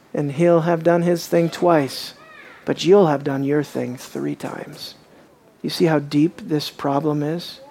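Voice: medium pitch, darkish tone. A preacher giving a conversational sermon, asking rhetorical questions of the congregation and dwelling on details.

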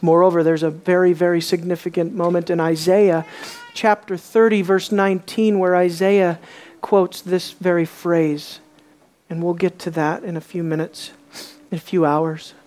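A woman preaching an expository sermon, emphatic, asking rhetorical questions and swinging from loud to soft. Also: on the low side, flat delivery, normal speed.

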